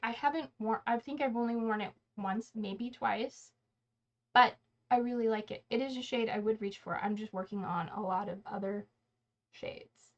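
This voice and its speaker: A woman with a slightly high voice chats through her makeup routine on a casual livestream. She rambles, trips over words and corrects herself as she goes. The sound is a little dull and lo-fi. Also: moderate pace. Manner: chatty, rambling, self-correcting. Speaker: beauty livestream host. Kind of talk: casual get-ready-with-me livestream chat.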